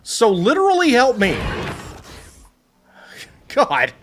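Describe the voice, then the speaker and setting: A man's voice: extremely high pitch, slow, a little hiss or hum. A man casually talking to himself while playing a creature-taming game, chatting to his animals and muttering over stats. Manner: chatty, talks to animals and himself, swings from muttering to excited squeals. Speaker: streamer. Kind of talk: casual gameplay commentary.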